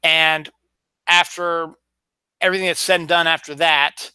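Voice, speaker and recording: A man's voice: a little high, bright, forceful tone, clean tone, no room sound. A man hosting his own show alone at home, chatting casually through news items, rambling, with many fillers and restarts. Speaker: podcast host. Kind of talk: casual solo news chat.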